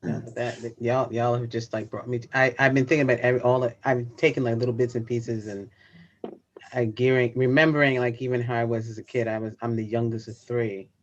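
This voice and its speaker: A woman hosting a casual video-call chat, telling a story with lively laughter and acted-out quotes. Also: rumbling low, a little fast, dull audio. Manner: animated storyteller, laughs often, acts out quotes. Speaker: host.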